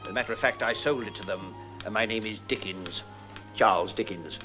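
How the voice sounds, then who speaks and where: An actor playing a flamboyant, self-important middle-aged Victorian novelist in a 1970s TV sketch. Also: male voice, lowish voice, a little fast, over music, lightly acted. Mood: grand. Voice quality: theatrical, grandiloquent delivery. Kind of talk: 1970s television sketch comedy.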